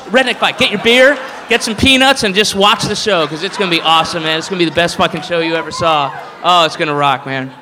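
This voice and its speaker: Profane stand-up comic in a reverberant hall. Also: male voice, high voice, a little hiss or hum. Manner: profane, rambling, swings into loud put-on drawls. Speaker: stand-up comedian. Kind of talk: stand-up routine.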